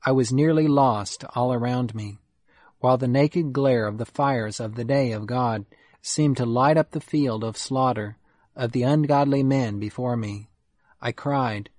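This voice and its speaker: A man giving a steady, measured audiobook reading of an old memoir. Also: mid-range voice, dry recording. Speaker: narrator.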